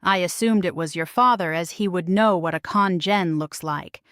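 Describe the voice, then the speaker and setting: A woman's voice: lowish voice, normal speed, fairly bright tone, no room sound, clean studio sound, close to an everyday voice. A woman voicing a gaudy, gossiping noblewoman who speaks in a fake English accent, in a storybook reading. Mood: haughty. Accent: put-on English. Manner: gossiping, secretive.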